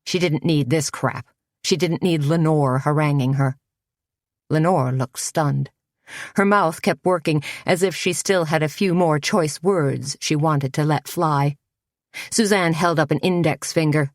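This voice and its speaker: Woman audiobook narrator, low and measured, dry studio read. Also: dry recording. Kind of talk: scripted narration of a cozy mystery.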